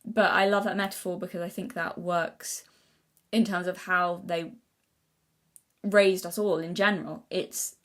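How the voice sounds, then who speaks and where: A woman's voice: lowish voice, fairly even intonation, a little slow, a bit bright. A young woman vlogging in casual unscripted talk, earnest and rambling, with many restarts and self-corrections. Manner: earnest, thinking aloud.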